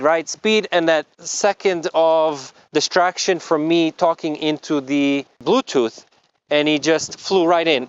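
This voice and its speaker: A man's voice: on the high side, smooth, dry recording, muffled recording. A man working as a motorcycle tour guide, telling the story of a crash in earnest vlog narration outdoors on a mountain road. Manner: earnest storytelling, explains carefully.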